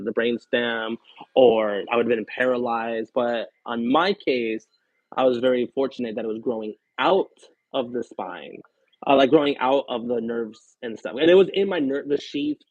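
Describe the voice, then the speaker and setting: Rambling through a personal story, a male live streamer talks candidly and casually, using lots of fillers. His pitch is medium. The recording is dry and tinny, phone-like, with no room sound.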